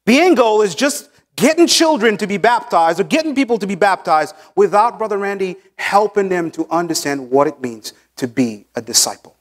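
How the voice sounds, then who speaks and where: Pastor, male, higher voice, emphatic teaching sermon in a church sanctuary. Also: lively intonation. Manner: emphatic teaching preacher, pausing on key words. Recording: long church hall reverb.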